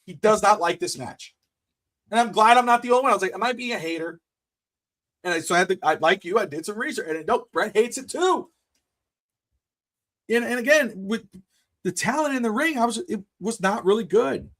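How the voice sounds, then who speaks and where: A man with a high voice talking casually as a podcast co-host. He is blunt and a little profane, and he swings between low mutters and near-shouting when he gets worked up. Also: lively intonation, a little fast, long pauses.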